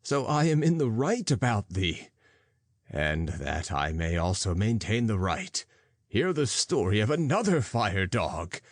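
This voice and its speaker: A man's voice: fairly low pitch, big pitch swings, unhurried, no echo. A man reading as a solemn prophet, declaiming in archaic English. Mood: mocking. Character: solemn prophet speaking in parables.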